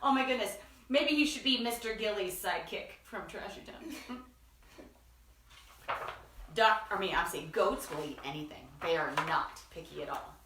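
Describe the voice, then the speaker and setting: A teacher reading a picture book aloud, expressive and asking her listeners questions. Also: mid-range voice, normal speed, long pauses, reverberant, recorded from a distance, background noise. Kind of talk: storybook read-aloud.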